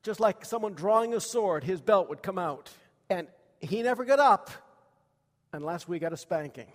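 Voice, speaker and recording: Folksy pastor in a reverberant hall. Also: male voice, sits high, expressive, moderate pace. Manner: folksy, many fillers, asks the congregation questions. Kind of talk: sermon with personal stories.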